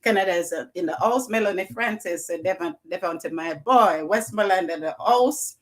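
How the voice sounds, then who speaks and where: A woman's voice: fairly low pitch, a little fast. A Jamaican woman hosting a live stream, greeting her viewers one by one in an effusive, repetitive way. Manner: effusive, greets viewers by name, repeats phrases. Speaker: livestream host.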